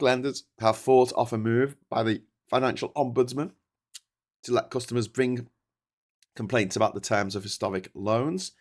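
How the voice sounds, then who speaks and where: A man's voice: medium pitch, a little fast. A man hosting a casual live-stream, rambling through news and viewer comments, swearing and laughing often. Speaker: host.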